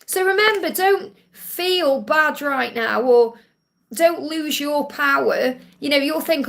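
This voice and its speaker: A woman's voice: sits high, takes it slowly, creaky, fairly bright tone. A woman hosting a live-stream Q&A, giving spiritual readings to viewers in a reassuring way, repeating key points and calling them honey.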